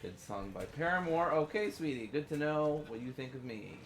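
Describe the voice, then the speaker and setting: A man's voice: a little high, animated, moderate pace, a little hiss or hum. A man streaming a game, joking and laughing as he chats with his partner. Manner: jokey, laughs often, teasing banter. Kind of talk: casual gameplay commentary.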